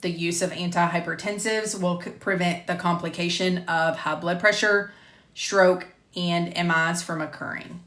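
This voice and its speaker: A woman instructor reading lecture material on drugs at a measured pace, stopping to correct herself and chat. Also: lowish voice, fairly even intonation, a bit bright, reverberant. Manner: measured, careful reading of drug terms, self-correcting. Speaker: medical coding instructor. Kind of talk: recording lecture narration, with casual asides. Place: home room with door closed.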